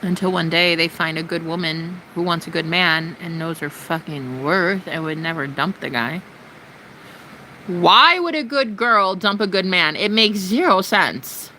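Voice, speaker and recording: A brash woman streamer rants in a casual, profane, sarcastic way. Her voice is bright and sharp, and her pitch jumps all over with very animated delivery. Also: a little hiss or hum, poor audio. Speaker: live streamer. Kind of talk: casual ranting livestream.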